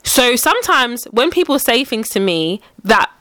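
Young woman, blunt and frank, fairly high voice, dry close sound, casual podcast chat. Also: big pitch swings, normal speed, fairly bright tone, no room sound. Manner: blunt, frank, laughs often. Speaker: podcast co-host.

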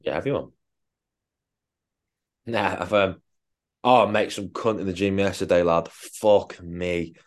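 A man's voice: deep voice, steady tone, takes it slowly, long pauses. A man co-hosting a podcast, a fitness coach chatting casually and swearing bluntly. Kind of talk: casual chat.

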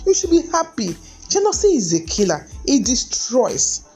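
A woman's voice: on the high side, big pitch swings, moderate pace, a little mellow, faint music behind. A middle-aged woman, a lawyer giving an earnest, emphatic talk on marriage, often repeating words and throwing in "hey". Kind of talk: preachy motivational talk.

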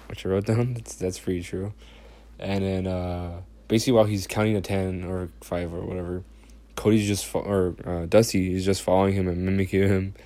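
Young man, deep, dark tone, rambling, profane, laughing recap. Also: no echo. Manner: rambling, heavy swearing, frequent laughs. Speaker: podcast host. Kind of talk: casual wrestling recap.

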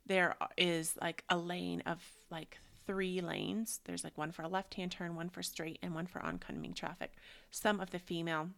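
A woman in her thirties talks through a spiritual book club in a loose, rambling way. Her voice sits a little low and carries a gravelly fry, and she often sinks into a hushed, dreamy whisper. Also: level tone, normal speed. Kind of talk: casual spiritual chat.

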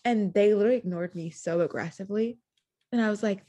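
A woman in her twenties co-hosting a podcast, telling stories in a chatty, animated way with lots of "like". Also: mid-range voice, quick pace. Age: 20s. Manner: chatty, animated storytelling with frequent "like". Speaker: podcast co-host. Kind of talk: casual chat.

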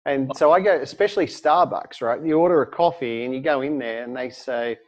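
A man's voice: medium pitch, highs cut off. Eager man co-hosting a tech podcast. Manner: lively, eager, quick to laugh. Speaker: podcast co-host. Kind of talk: casual chat.

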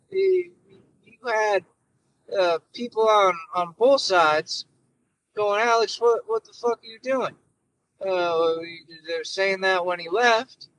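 Man doing a comic impression, stammering old politician, rambling, raised pitch, slow drawl. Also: a bit bright, a little hiss or hum, low-quality recording. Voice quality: stammering, repetitive, hoarse-edged. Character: rambling elderly male politician, stammering, crude. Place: in a car. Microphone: phone through car system.

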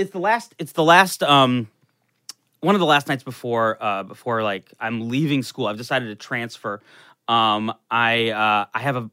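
A young man telling a profane, animated story in casual chat, full of restarts and "like". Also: mid-range voice, clean tone, no room sound, clean studio sound.

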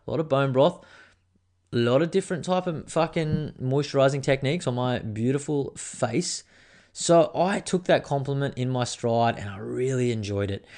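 A man, rambling and joking through a casual solo podcast, swearing freely. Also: mid-range voice. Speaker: podcast host.

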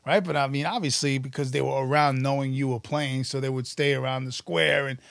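A man, telling stories about his past in an animated, profane, casual interview. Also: mid-range voice, fairly quick, creaky, dry recording. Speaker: podcast guest, musician and actor.

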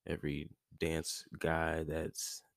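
A man's voice: extremely low pitch, monotone, slow pace, creaky, no room sound, studio quality. A young man co-hosting a casual chat, laid-back and slangy. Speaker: podcast co-host.

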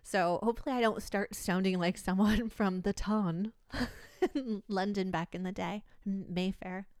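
Chatty laughing woman podcaster, smooth voice. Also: mid-range voice, measured pace, darkish tone, dry recording, studio quality. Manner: chatty, laughs often, rambling storytelling. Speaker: podcast co-host. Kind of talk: casual chat.

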